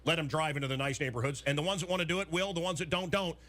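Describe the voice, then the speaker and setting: A middle-aged man talking on the radio in a quick, rambling rush, backing up and restarting as he rants. His voice is a touch high for a man, bright and forceful. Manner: excitable, rambling, with many restarts and blunt rants. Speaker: talk radio host. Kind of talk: rambling talk radio banter. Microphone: studio microphone.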